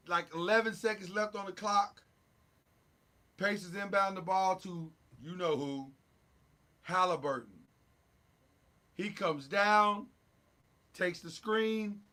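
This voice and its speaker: A man with a high voice hosts a casual sports talk show. He recaps games in an animated, joking manner, throwing in sound effects.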